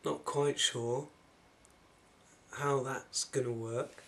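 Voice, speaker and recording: A man talks through spiritual ideas in a loose, wandering monologue. His voice sits at an ordinary middle pitch, and his sentences often drift off or restart as he thinks aloud. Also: fairly even intonation, very slow, vocal fry. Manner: musing, wandering, with soft laughs and trailing-off phrases. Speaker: spiritual vlogger.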